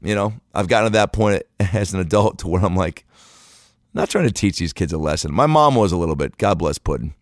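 Deep-voiced male comic, dry close sound, loose swearing storyteller. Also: expressive, brisk, no echo. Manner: loose, profane, rambling with fillers. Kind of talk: comedic storytelling monologue.

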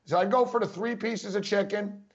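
A man with a New York accent co-hosting a casual sports podcast, talking fast and rambling, with frequent laughs. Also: high voice. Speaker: podcast co-host. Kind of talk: casual chat. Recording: dull lo-fi audio.

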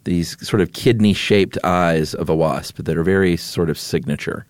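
A man with a low, deep voice co-hosts a podcast, explaining facts in a laid-back, joking way. The sound is dry and close on a studio microphone. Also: moderate pace, dry recording. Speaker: podcast co-host. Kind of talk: casual chat.

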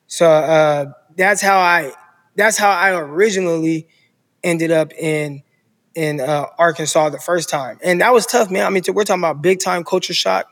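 A man's voice: a little high, normal speed, in a large hall. A man in his thirties from California, telling his own football story in casual podcast talk and acting out the people in it. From Stockton, California. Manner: animated storyteller who acts out coaches' voices. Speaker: podcast guest, former football player.

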